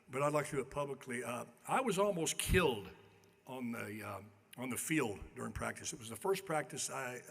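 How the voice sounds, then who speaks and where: In a bright, forceful voice with fairly high pitch, an older man gives an acceptance speech at a banquet, sharing homespun, self-deprecating stories at a podium mic. It's after-dinner storytelling, recorded with long reverb from the large hall.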